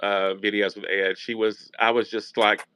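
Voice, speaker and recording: Bright sharp-voiced guy on a live stream, friendly, bit hesitant. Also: fairly low pitch, little pitch movement, moderate pace, clear, resonant tone, poor audio. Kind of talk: casual live-stream chat.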